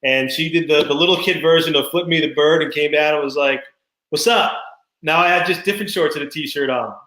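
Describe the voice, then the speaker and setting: Animated storytelling dad in echoey room. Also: male voice, fairly high pitch, fast. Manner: animated storyteller, laughs often. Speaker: podcast co-host. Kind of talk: casual chat.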